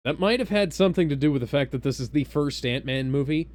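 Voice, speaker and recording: A man's voice: on the high side, lively intonation, fast, a little mellow. A man co-hosting a casual reaction podcast, exasperated and swearing freely as he corrects a video. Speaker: podcast co-host.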